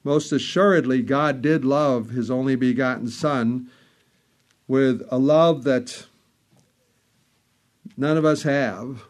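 A man preaching a sermon, speaking in measured phrases, repeating words for emphasis and quoting old scripture wording. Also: mid-range voice.

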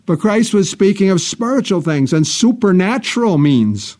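A man's voice: high voice, big pitch swings, darkish tone. Earnest man preaching a sermon. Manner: earnest, deliberate preaching with emphatic repetitions; reads scripture in King James wording.

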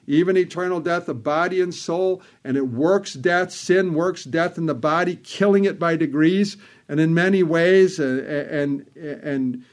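A man preaching a sermon, speaking in measured phrases, repeating words for emphasis and quoting old scripture wording. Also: a little high.

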